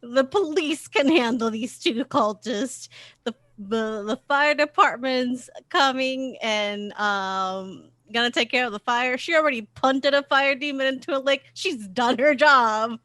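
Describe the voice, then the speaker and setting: This is a woman describing her hero's moves in a tabletop game. Her voice is bright, fairly high and sharp, and the sound is dry and close to the mic. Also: a little slow, no room sound. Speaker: player.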